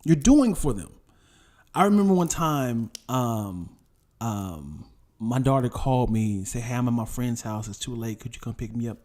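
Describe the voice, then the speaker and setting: A man's voice: medium pitch, normal speed. A middle-aged man and father co-hosting a podcast, telling a story in casual chat and acting out the voices in it. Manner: animated storyteller who acts out quoted dialogue. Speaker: podcast co-host.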